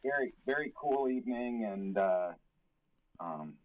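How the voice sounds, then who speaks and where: Easygoing chef on a muffled phone line. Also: male voice, medium pitch, lively intonation, measured pace. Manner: easygoing, chatty, joking. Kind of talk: casual phone interview.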